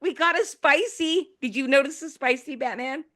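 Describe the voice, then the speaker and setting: A woman's voice: high-pitched, moderate pace, a loud crowd. A woman hosting a talk show over a video call, playful and teasing, laughing often. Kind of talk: casual video call chat.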